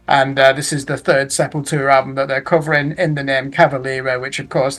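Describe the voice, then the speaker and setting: A man's voice: medium pitch, fairly bright tone. A middle-aged man giving a casual roundup of new albums in a chatty way, with tag questions and self-corrections. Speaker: music reviewer.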